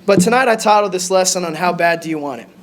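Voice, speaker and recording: A young man with a high voice preaches a short lesson to his church. He sounds nervous and halting, often stopping to restart a sentence, with a faint hum of noise behind him. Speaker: lay preacher. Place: church sanctuary.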